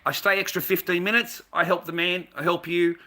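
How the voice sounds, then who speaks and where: A man's voice: high-pitched, little pitch movement, fairly quick, bright, forceful tone. An Australian man telling a heated, profane story about being mistreated as a volunteer, repeating himself as he complains. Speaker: volunteer recounting a workplace dispute. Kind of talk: angry casual rant to camera.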